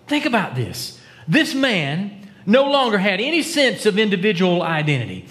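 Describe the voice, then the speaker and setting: A pastor preaching a conversational sermon, dropping to hushed tones for dramatic quotes. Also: male voice, high-pitched, sing-song, normal speed. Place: church.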